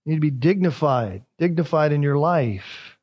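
A male pastor preaches verse by verse and leans on repetition to drive each word home. His voice sits a little high for a man. The recording is dull and lo-fi, with muffled highs. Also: expressive, normal speed, slightly rough. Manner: emphatic, repeats key words for emphasis. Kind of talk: expository sermon.

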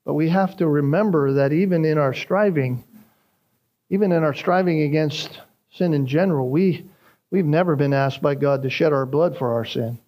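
A man preaching a sermon, emphatic and rising in pitch on key phrases. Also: moderate pace, darkish tone. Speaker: pastor.

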